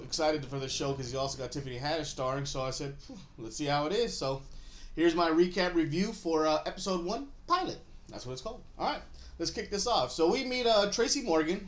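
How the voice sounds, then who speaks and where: A man hosting a casual TV episode recap, laid-back and rambling, chuckling often as he talks. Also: mid-range voice. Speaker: show host.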